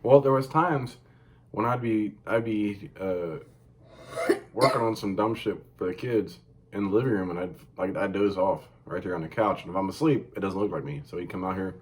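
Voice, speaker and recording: A man co-hosting a casual podcast, telling stories with lots of swearing and sudden high-pitched outbursts. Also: moderate pace. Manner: animated storytelling, jumps high for exclamations. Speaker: podcast co-host. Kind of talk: casual profane chat.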